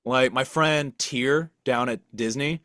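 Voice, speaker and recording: A man's voice: mid-range voice, slow, bright, forceful tone, no room sound, clean studio sound. A young man co-hosting a podcast, talking casually in a rambling, self-deprecating way, with lots of restarts and fillers. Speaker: podcast co-host. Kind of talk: casual chat.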